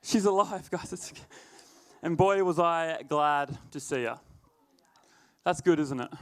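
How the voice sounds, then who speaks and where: A man's voice: fairly high pitch, slow, pauses often, clean tone. A young man, a youth leader telling a chatty, laughing story before a sermon. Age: young adult. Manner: laid-back, laughing often, chatty filler words.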